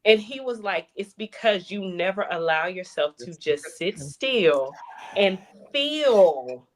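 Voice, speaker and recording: A woman in casual conversation, telling stories with lively acted-out dialogue. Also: medium pitch, slow pace. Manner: animated storyteller, acts out quoted dialogue. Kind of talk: casual chat.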